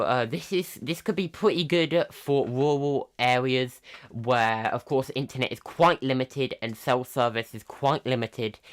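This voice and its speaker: A man hosting a live tech news roundup in a casual, halting way, full of pauses, ums and restarts. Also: medium pitch. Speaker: tech news livestream host.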